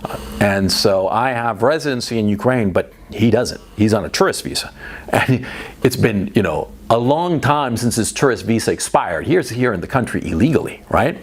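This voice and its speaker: A man holding forth in a casual vlog monologue, his pitch swinging widely from phrase to phrase. He is blunt and profane, hammers his points home by repeating them, and keeps checking in with his listener. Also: lively intonation, normal speed, breathy edge. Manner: blunt and profane, tag questions. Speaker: vlogger.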